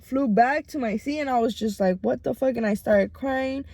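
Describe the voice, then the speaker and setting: A young woman telling a storytime vlog in a loose, rambling way, full of swearing and fillers. Her voice is a bit high, and the sound is dry and close to the mic. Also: moderate pace, dry recording. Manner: profane, rambling, animated retelling. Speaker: vlogger. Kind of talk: casual storytime chat. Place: home.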